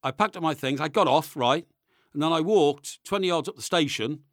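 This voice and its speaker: Fussy, fast-talking man. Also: a little high, no echo, studio quality. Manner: fussy, indignant, rambling with stammered restarts. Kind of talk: comic banter. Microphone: studio microphone.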